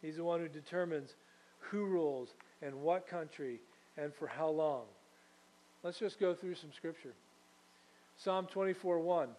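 A man's voice: on the high side, unhurried, pauses often, a little mellow, rough recording. A man preaching a sermon as pastor, earnest, asking his listeners direct questions.

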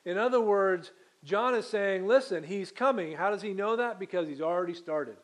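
A man pastor preaching a conversational sermon, pausing to quiz the congregation and correcting himself as he goes. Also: high-pitched. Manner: self-correcting, many fillers and restarts.

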